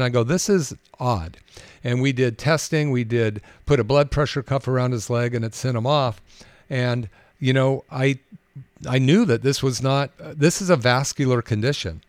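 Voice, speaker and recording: A doctor tells stories about his patients on a casual podcast, chatting in a conversational, anecdotal style with lots of fillers and restarts. His mid-range voice has a clean tone, and there's no echo.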